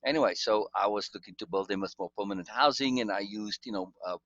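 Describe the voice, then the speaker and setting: A man's voice: lowish voice, fast talker, a bit bright, dry recording, dull audio. A man telling a long personal story in casual conversation, rambling with restarts and asides. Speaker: guest storyteller.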